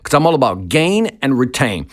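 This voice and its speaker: A man's voice: mid-range voice, big pitch swings, normal speed. A man hosting a podcast, telling a sales story in an emphatic monologue and repeating his key points. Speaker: sales trainer and podcast host.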